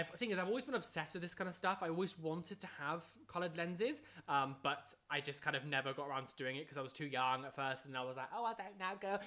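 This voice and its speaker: In a relaxed chat, this live streamer works through viewer questions with an excitable, talkative energy. The pitch is medium. Little tunes get hummed between replies, and laughs come often.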